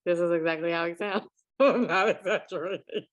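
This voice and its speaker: A woman hosting a podcast, telling a story in casual chat, animated and acting out what people said. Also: fairly low pitch, fairly quick. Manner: animated, acts out quotes, laughs often. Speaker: podcast host.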